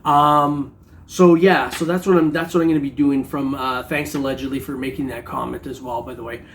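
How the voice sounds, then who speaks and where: A man's voice: medium pitch, fairly even intonation, brisk, a little hiss or hum. A middle-aged man vlogging about his metal detecting hobby in casual, joking chat, rambling with lots of fillers. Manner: laid-back, joking, rambling with many fillers.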